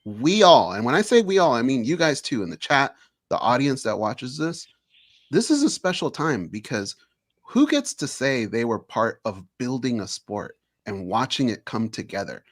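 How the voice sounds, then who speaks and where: A man's voice: medium pitch, big pitch swings, normal speed. Impassioned man ranting on a sports panel. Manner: impassioned, self-aware complaining. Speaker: co-host of a sports roundtable. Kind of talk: passionate rant.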